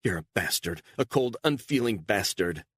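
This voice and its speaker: A man voicing a frightened, volatile woman on the run, pushing his deep voice high into a shrill, pleading tone. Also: lively intonation, normal speed, fairly bright tone, slightly rough, no echo, clean studio sound. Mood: distraught.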